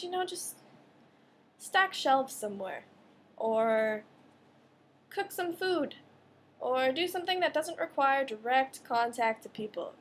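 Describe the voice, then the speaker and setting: A woman's voice: high voice, a bit bright, a little hiss or hum. A young woman vlogging in a casual, sarcastic, ranting monologue to camera. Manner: sarcastic, ranting, quick asides.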